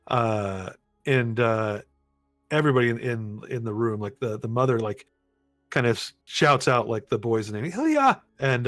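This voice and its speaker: Man, game master, loose filler-heavy narration, dry sound, soft music behind. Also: medium pitch, dry recording.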